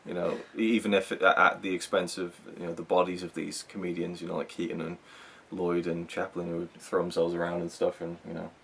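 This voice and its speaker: A man with a very low voice talks through a film in a loose, rambling chat. He gets excited and circles back on himself, restarting sentences as he goes. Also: a little fast, vocal fry, slight background noise. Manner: rambling, enthusiastic, many restarts. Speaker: film review co-host. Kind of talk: casual chat.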